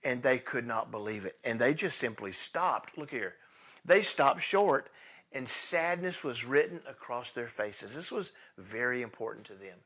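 A pastor preaching an Easter sermon, retelling the scripture with animated storytelling and acted-out dialogue. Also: male voice, mid-range voice, measured pace, slightly rough.

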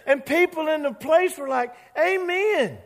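A man's voice: a little high, normal speed. A man preaching a sermon as pastor, telling a story and acting out the voices of the people in it. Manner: animated, acts out quoted voices. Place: church sanctuary. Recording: long church hall reverb.

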